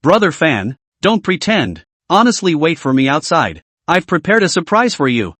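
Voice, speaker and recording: A woman's voice: sits low, big pitch swings, normal speed, fairly bright tone, slightly rough, dry recording, full character voice. A man voicing a playful, teasing young woman in a story recap, in his own narrating voice.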